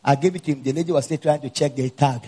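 A man with a Nigerian accent, a pastor mixing a personal story into his sermon, dropping low for asides and rising loud to preach. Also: fast, breathy edge.

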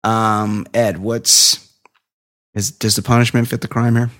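A man's voice: lowish voice, level tone, a little slow, fairly bright tone. A man co-hosting a podcast, reading news stories aloud and riffing on them in a profane, joking way. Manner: profane, jokey, reads stories then riffs on them. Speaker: podcast co-host.

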